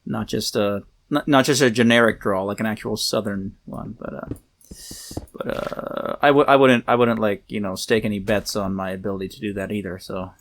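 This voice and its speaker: A man's voice: on the low side, steady tone, normal speed. A man hosting a game livestream, chatting casually and rambling with frequent laughs and trailing asides. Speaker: livestream host playing a game. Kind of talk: casual chat while gaming.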